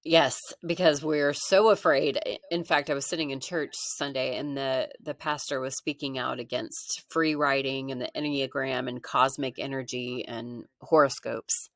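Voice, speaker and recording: A woman's voice: extremely low pitch, steady tone, moderate pace, few pauses, fairly bright tone, no echo. A woman from the United States hosting an interview over a video call, asking questions with eager curiosity. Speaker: host. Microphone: headphones on a video call.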